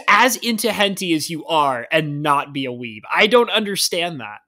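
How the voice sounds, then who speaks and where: Dude hosting a chill podcast, bright lively voice, keeps laughing and ribbing his buddies. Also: fairly high pitch, moderate pace. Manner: laughs a lot, teasing. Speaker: podcast host. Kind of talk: casual podcast chat.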